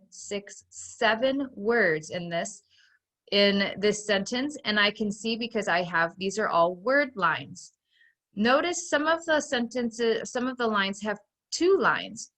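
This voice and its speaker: A woman with a bright, clear voice leads a recorded phonics lesson for young children. She guides patiently, one step at a time, and reads each sentence out slowly and distinctly so the class can follow. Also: mid-range voice. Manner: slow, clearly sounding out dictated sentences. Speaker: teacher.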